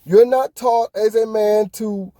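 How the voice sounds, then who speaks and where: A man's voice: high voice, fairly even intonation, slow pace, dark tone, no echo. A man hosting a podcast, ranting heatedly in casual talk, swearing often. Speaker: podcast host. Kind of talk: casual opinion monologue.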